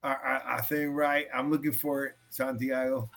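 A man's voice: medium pitch, level tone, creaky, a crowd in the background. A man hosting a casual sports chat over a video call, rambling with restarts. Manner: rambling, restarts, reads a quote haltingly. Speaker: podcast host.

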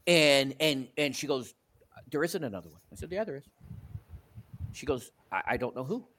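A man's voice: medium pitch, lively intonation, normal speed, a bit bright. A man from Canada telling rambling stories with many restarts as a podcast co-host in casual sports chat.

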